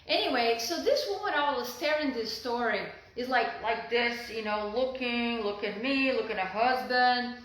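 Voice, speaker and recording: Middle-aged woman, slightly high voice, heartfelt rambling vlog storytelling, very echoey room. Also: normal speed, few pauses, fairly bright tone. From Brazil. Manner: rambling, heartfelt, many fillers and restarts. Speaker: vlogger. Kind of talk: personal storytelling to camera.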